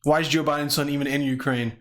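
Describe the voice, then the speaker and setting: A man with a somewhat high voice chats on a comedy podcast. He rambles crudely and swears often, thinking out loud as he goes. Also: steady tone, fast talker. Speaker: podcast co-host. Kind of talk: casual comedy podcast chat.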